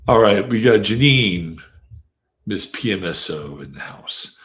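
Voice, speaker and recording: A man hosts a casual live astrology stream, reading out viewers' names and chatting in a rambling way. His voice is lowish, expressive, and a bit slow, and his delivery is loaded with fillers and sudden jumps in loudness.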